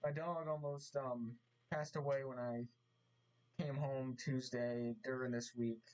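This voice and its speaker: Man, vlogger, halting earnest apology, mid pitch. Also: steady tone, darkish tone, rough recording. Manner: halting, repeats himself, earnest and emotional. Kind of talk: apology vlog. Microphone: mask on, camera vlog.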